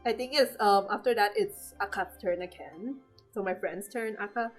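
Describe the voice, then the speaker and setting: A woman recapping her game pulls in casual commentary, excitable and swearing, acting out her own squeals. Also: mid-range voice, normal speed, faint music behind. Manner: trails off with fillers and restarts. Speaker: gaming vlogger. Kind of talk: casual gaming commentary over gameplay.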